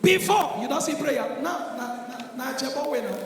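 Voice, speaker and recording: A Nigerian man doing a stand-up comedy routine on a live stage, loud and excitable, often breaking into shouts. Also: very high-pitched, a little fast, hardly any pauses. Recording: echoey live venue with crowd.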